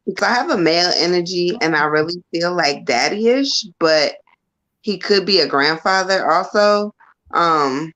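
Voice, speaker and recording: Low-voiced woman psychic reader. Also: fairly bright tone. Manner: earnest, searching, asks for validation. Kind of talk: live tarot reading.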